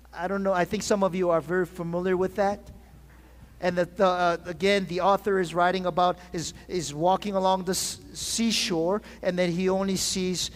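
A man pastor preaching a sermon to his congregation, asking for call-and-response amens and often restarting his phrases. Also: high-pitched. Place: church sanctuary. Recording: long reverb of a large hall.

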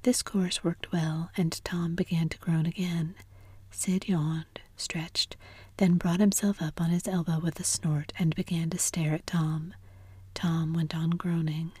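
A woman narrating a storybook in whispered role-play, soft and measured. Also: lowish voice, level tone, breathy edge, dry recording.

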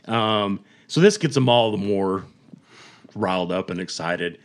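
A man casually retelling a story on a podcast, animated, chuckling and acting out quotes. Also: on the low side, measured pace. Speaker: podcast host.

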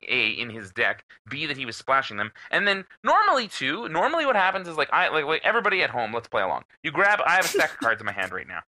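A young man co-hosting a podcast, telling a story in a casual, animated way with plenty of swearing. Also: fairly high pitch. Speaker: podcast co-host. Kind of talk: casual chat.

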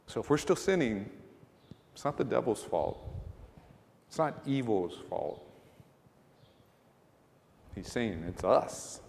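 A man's voice: medium pitch, sing-song, slow pace, creaky, pauses often, darkish tone, long reverb tail. A male pastor giving a conversational sermon, asking rhetorical questions and pressing his points with emphasis.

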